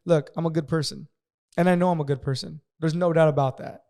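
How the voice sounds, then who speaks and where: A man's voice: on the high side, fairly even intonation, quick pace, creaky, mellow. A man in casual podcast conversation who talks bluntly and aggressively, cussing freely.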